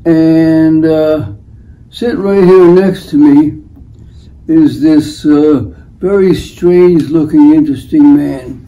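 Brief: older male host, slow rambling storyteller, dark mellow tone, acts out the quotes. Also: on the high side, poor audio. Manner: unhurried, acts out the voices in his stories. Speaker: host telling life stories.

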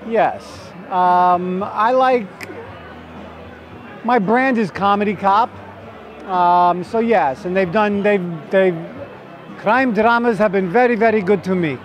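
A man's voice: high voice, slow. Playful man with a New Jersey accent. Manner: playful, flirty, joking. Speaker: actor guest. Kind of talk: red carpet interview. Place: outdoor red carpet event. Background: crowd chatter.

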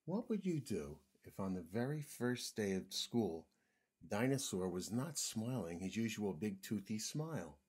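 Husky man reading a kids' book. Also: on the low side, measured pace. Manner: gentle, expressive, with drops to a whisper. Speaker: children's book reader. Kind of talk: reading a picture book aloud to children.

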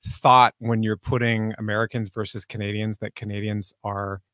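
A man's voice: on the low side, little pitch movement, moderate pace, fairly bright tone, no echo, clean studio sound. A man news anchor co-hosting a casual chat, easygoing and reading out viewer posts.

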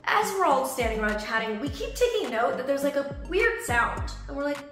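A young woman vlogger telling a story in lively, animated detail, acting out what people said. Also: high-pitched, brisk. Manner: animated storytelling, acts out quoted voices. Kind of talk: storytime vlog. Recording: echoey room with background music. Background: soft background music.

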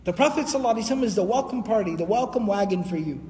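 A man giving an Islamic history lecture, telling the story in a lively way and quoting Arabic before translating it. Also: high voice, rapid-fire, hardly any pauses, long reverb tail.

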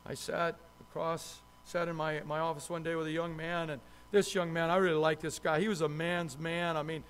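A man with a fairly high voice delivers a sermon as a pastor. He preaches with emphasis, hammering key words and repeating phrases. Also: flat delivery, normal speed, a bit bright, clear, resonant tone.

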